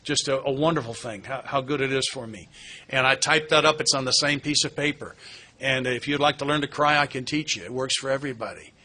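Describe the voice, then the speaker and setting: A man's voice: mid-range voice, fairly quick, sharp tone. A middle-aged man giving a candid personal testimony at a recovery meeting, earnest and plain-spoken with touches of wry humor. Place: meeting hall.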